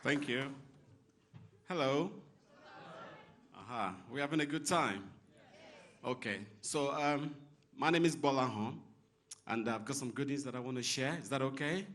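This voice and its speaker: A man's voice: medium pitch, measured pace, long pauses, fairly bright tone. A man from Nigeria performing a stand-up comedy set on stage in a comedy club, teasing the crowd.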